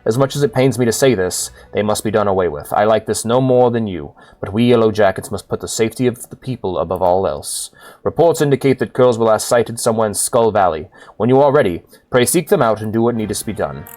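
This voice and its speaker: A man's voice: lowish voice, animated, fast talker, a little mellow, voice pushed down, natural voice. A man voicing a stern, formal male guard officer with grave, old-fashioned phrasing, reading game quest dialogue aloud. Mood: solemn.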